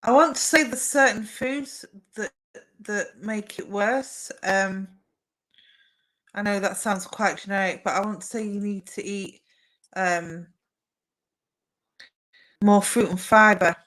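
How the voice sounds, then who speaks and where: A psychic medium co-hosting a live stream chats casually and does readings in a bright, mid-range voice. She speaks slowly with many pauses, and the recording is rough. Her replies to viewer comments are warm and chatty, with frequent fillers.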